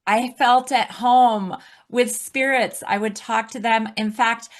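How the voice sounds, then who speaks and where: A woman's voice: fairly high pitch, steady tone, slow pace. A woman from Alaska talking as a podcast guest, reflective, often laughing as she speaks. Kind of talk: casual conversation.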